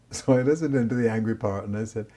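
A man's voice: lowish voice, a little fast, dark tone. A man speaking as a therapist in an interview, reflective, often checking in with "right?". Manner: reflective, frequent "right?" tags. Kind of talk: interview answers.

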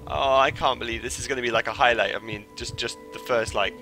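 A young man streaming a game live, who swings from mumbled asides to loud, panicky shouts. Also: medium pitch, steady tone, fast, music in the background. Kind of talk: live gameplay commentary.

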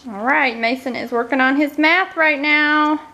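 A woman's voice: sits high, a little slow, creaky, bright, forceful tone, muffled recording. A woman in her thirties, a homeschooling mother, chatting casually to the camera about her family's day at home. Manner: chatty, reads picture books aloud to children. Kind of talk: casual family vlog narration.

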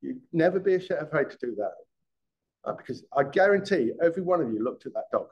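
A man's voice: on the high side, animated, quick pace, breathy edge, lo-fi sound. A middle-aged man, a former police detective, giving a live classroom lecture, often restarting words and checking in with the class. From England.

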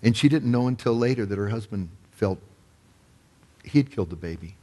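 Low-voiced male pastor preaching. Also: expressive, a little fast. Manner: storytelling sermon, rising to loud emphatic peaks. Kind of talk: sermon.

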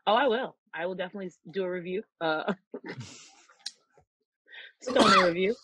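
A man in a relaxed, mellow casual chat with friends. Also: high-pitched, measured pace, breathy edge, dry recording, low-quality recording. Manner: relaxed, mellow stoner talk. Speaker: podcast co-host.

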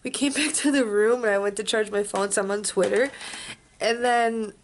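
A young woman vlogging casually to a handheld camera, chatty and excitable, sounding tired. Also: medium pitch, normal speed, a little hiss or hum. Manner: chatty, excitable, swings between upset and giddy. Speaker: cosplay vlogger. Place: crowded convention restaurant, later a hotel room.

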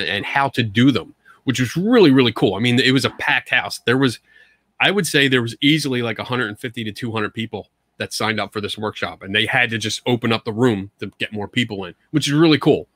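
A man's voice: mid-range voice, fairly quick, fairly bright tone, dry recording. A man hosting a casual livestream chat from home on a computer mic, talking loosely with frequent laughs and repeated words. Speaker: show host. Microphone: computer mic on video call.

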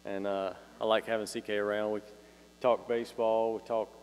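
A man, a children's ministry teacher speaking casually to a congregation in a relaxed, halting way, pausing often. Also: lowish voice, clean tone, faint music behind. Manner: relaxed, halting, with many "uh" pauses. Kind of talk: casual address to a church congregation. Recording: reverberant church hall.

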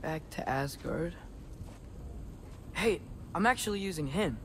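A man's voice: fairly high pitch, animated, unhurried, a little hiss or hum. A man voicing an earnest teenage boy, the son of a god, speaking in an eager, determined way.

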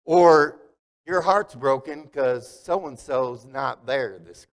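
A man speaking slowly in a medium-pitched voice delivers a conversational sermon as pastor, asking the congregation questions. He is in a church sanctuary, with long hall reverb on the recording.

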